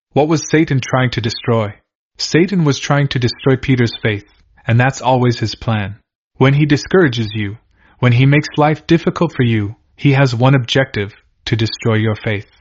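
A man's voice: mid-range voice, moderate pace, darkish tone, highs cut off. A man preaching a sermon, explaining a Bible passage in an earnest teaching manner and posing questions to his listeners.

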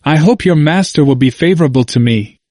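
A man's voice: on the high side, expressive, a little fast, darkish tone, no room sound, clean studio sound. A man voicing an ambitious, effusive French king, declaiming his lines with emphasis. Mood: fervent.

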